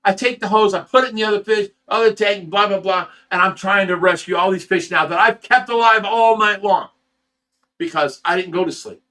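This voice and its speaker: A man's voice: high voice, fairly even intonation, fairly quick, sharp tone. A man who runs a fish rescue, telling a story on a livestream in a heated, profane way and stammering over repeated words. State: sleep-deprived.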